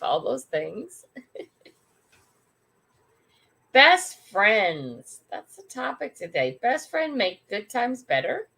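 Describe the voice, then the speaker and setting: An older woman hosts a casual morning livestream from her home. She chats and greets each viewer by name, with a lively, swooping pitch and frequent laughs. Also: creaky, slightly rough. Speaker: livestream host.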